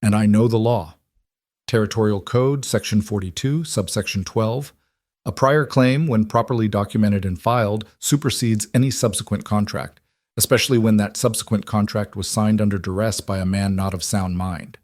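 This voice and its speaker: A man voicing a calm, steely young cowboy. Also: on the low side, dry recording, clean studio sound, close to an everyday voice. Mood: measured. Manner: quiet, measured, even-toned.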